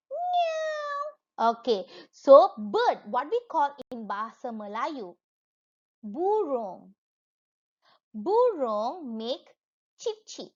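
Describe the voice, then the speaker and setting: A woman with a Malaysian accent teaching a lesson to young children, coaxing them along in a sing-song way. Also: high voice. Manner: sing-song, coaxing, imitates animal and object sounds. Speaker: kindergarten teacher. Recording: dull lo-fi recording.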